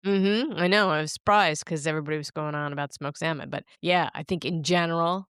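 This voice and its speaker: Stuffed-up sick lady chatting on a podcast, low smooth voice, dry sound. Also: fairly even intonation, fairly quick, fairly bright tone, no room sound. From New Jersey. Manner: chatty and rambling, with filler words. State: sick, congested. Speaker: co-host. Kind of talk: casual podcast chat.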